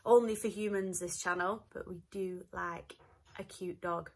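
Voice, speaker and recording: A woman's voice: fairly low pitch, fairly even intonation, unhurried. A woman with a Northern English accent chatting casually to camera at home, cheerful and rambling with lots of asides. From north of England. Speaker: vlogger.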